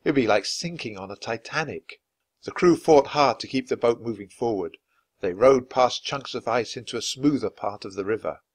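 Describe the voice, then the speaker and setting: A man reading a children's chapter book aloud clearly and expressively for language learners. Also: mid-range voice, no echo. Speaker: storybook reader.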